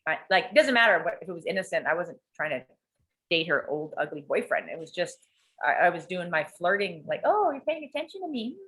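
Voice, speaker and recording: A woman with a bright, forceful voice tells a candid family story. She swears freely and acts out what others said, in a lively, emotional way. Her tone sits on the low side for a woman. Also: brisk. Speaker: coaching client sharing a story.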